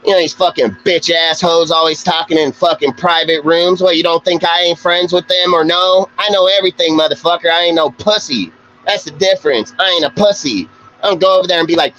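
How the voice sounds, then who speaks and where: A man's voice: high-pitched, moderate pace, a bit bright, lo-fi sound, a little hiss or hum. A man hosting a live-stream show, ranting in an aggressive, profane, confrontational way. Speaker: livestream show host.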